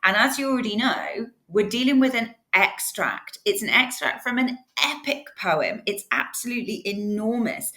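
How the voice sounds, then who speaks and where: A woman's voice: medium pitch, fairly bright tone. A woman giving a casual, chatty literature revision lesson to students. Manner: chatty, informal, encouraging. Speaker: English literature teacher.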